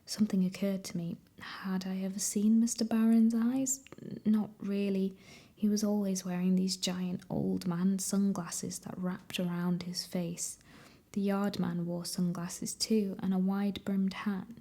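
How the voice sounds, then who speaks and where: A woman reading a novel aloud as an ASMR reader, in a soft whispered role-play. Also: mid-range voice, flat delivery, a little slow.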